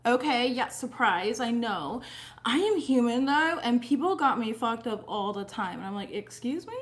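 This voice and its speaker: High-pitched woman, young adult, tarot reader, casual chatty delivery, swears freely. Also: expressive, normal speed. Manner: chatty, profane, laughs often.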